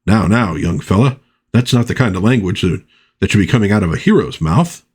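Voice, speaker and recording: A man's voice: on the low side, expressive, brisk, darkish tone, slightly rough. A man reading the lines of an old-fashioned patriotic superhero who lectures younger heroes in folksy, old-timey phrasing. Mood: lecturing. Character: old-fashioned patriotic male superhero, stern but kindly.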